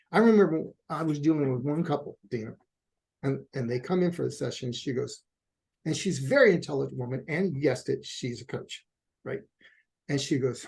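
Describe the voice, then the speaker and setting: A man's voice: on the high side, moderate pace, vocal fry, slightly rough. A middle-aged man, a couples therapist, answering in a conversational interview and telling stories with acted-out quotes. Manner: animated storyteller, acts out quotes.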